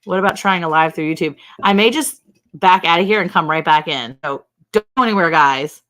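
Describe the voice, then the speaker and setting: A woman's voice: lowish voice, a little fast, a bit bright. A woman hosting a casual ranch livestream, chatty and laughing often as she greets viewers by name.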